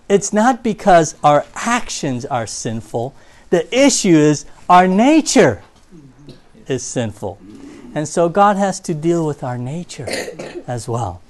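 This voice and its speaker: A man preaching a sermon in a church, telling stories and swinging from loud emphasis to quiet asides. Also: high-pitched, sing-song, unhurried.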